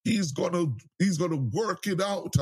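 Fervent husky-voiced man preaching. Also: high voice, normal speed. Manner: fervent, repetitive exhortation with frequent interjections. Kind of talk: sermon.

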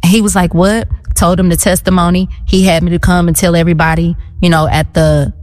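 A woman in her thirties telling her faith story in an interview, animated and acting out what people said. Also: fairly low pitch, quick pace, big-room sound, soft background music. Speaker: guest. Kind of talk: testimony in a conversational interview.

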